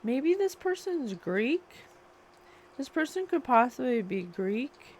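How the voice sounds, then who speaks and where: A woman psychic reader talks at an unhurried, drawn-out pace in a fairly high voice. She muses and asks questions aloud as she channels spirit. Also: very animated, a little hiss or hum.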